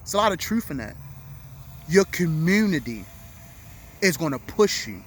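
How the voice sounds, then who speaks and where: An earnest middle-aged man talks outdoors on a city street as evening falls, his voice sitting a little higher than most men's. He speaks with open emotion, leaning on repeated phrases to drive his message home. Faint traffic sounds hum behind him. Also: big pitch swings, normal speed. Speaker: vlog host. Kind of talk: heartfelt motivational talk. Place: outdoors at dusk, urban street.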